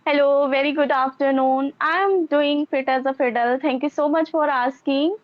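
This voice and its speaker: High-voiced woman, dull lo-fi sound. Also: steady tone, normal speed, no echo. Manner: upbeat, uses idioms and polite formal phrasing. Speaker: podcast guest. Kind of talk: casual conversational interview.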